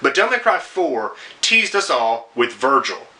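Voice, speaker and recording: In a sing-song, sharp mid-range voice, a young video game reviewer delivers an unhurried rant. It's a sarcastic commentary video loaded with profanity and fed-up asides.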